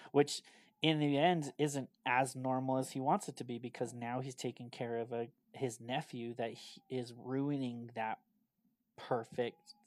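A man co-hosting a casual podcast, retelling things in a rambling, animated way and filling his talk with "like". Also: mid-range voice, dry recording. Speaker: podcast co-host.

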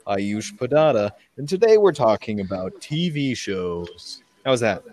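A young man hosting a casual podcast, tossing out joking deadpan one-liners. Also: on the low side, a little slow. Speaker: podcast host. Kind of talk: casual chat.

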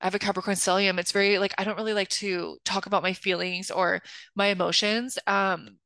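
A young woman talks through her solo podcast in a candid, confessional way, her sentences full of little fillers. The sound is close and dry, with no room around her, and her pitch sits in an ordinary middle range. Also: level tone, a little fast, fairly bright tone, dry recording. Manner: chatty and confessional, heavy use of filler "like". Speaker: podcast host and spiritual life coach.

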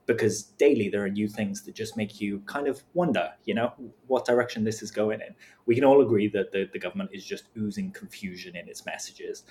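Male panelist, lowish voice, animated storyteller who acts out quotes. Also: slight background noise. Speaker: podcast panelist. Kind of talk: casual panel discussion.

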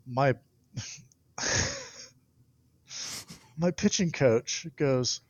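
A young man, a professional pitcher, telling stories in a casual interview, often laughing through them and restarting his sentences. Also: lively intonation, extremely slow, long pauses, darkish tone, no room sound, highs cut off.

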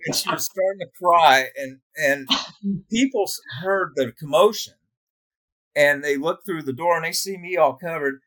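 With a voice on the high side and a normal speed, a man who nurses for a living swaps funny work stories in casual chat. He's laughing and animated throughout his anecdotes.

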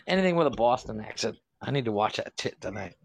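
A man's voice: medium pitch, gravelly, husky, no echo. A man co-hosting a podcast, joking loosely, laughing often and swearing freely. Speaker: podcast co-host. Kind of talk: casual banter.

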